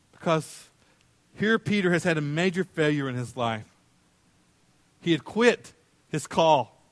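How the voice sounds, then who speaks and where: Male pastor, dramatic sermon delivery, acts out voices, slightly higher pitch. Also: no room sound. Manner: swings from loud calls to hushed tenderness.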